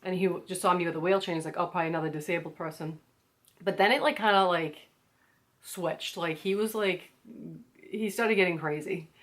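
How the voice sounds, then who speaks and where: A woman's voice: fairly low pitch, fairly even intonation, a little fast, fairly bright tone. Chatty American woman telling a story. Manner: chatty, lots of "like", acts out quotes. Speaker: vlogger. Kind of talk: casual storytelling to camera.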